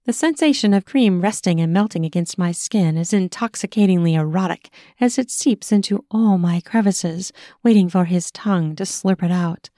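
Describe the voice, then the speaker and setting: A woman narrating a first-person erotic audio story in a slow, sensual reading voice. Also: on the low side, warm tone, dry recording, clean studio sound.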